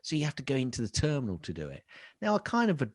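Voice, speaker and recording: A man's voice: mid-range voice, huge pitch swings, racing, no echo, studio quality. A man co-hosting a tech podcast, chatting casually with lots of ums and jokey asides. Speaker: podcast co-host. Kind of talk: casual chat.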